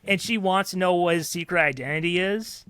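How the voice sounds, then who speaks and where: A man's voice: sits high, brisk, sharp tone, a little hiss or hum. A man co-hosting a podcast, talking casually and rambling with fillers and restarts. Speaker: podcast co-host. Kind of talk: casual chat.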